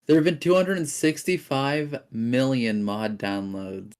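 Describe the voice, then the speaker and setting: A man's voice: mid-range voice, fairly even intonation, unhurried, a little mellow, clear, resonant tone. A man chatting casually with a friend on a stream, tossing in offhand jokes. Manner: joking, offhand asides. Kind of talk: casual chat.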